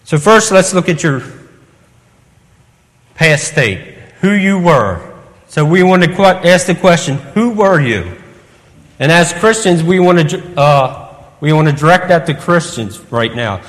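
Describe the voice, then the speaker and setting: A man's voice: a little high, expressive, measured pace, long pauses. A man preaching an evening sermon, earnest, putting question after question to the congregation. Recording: long reverb of a hall.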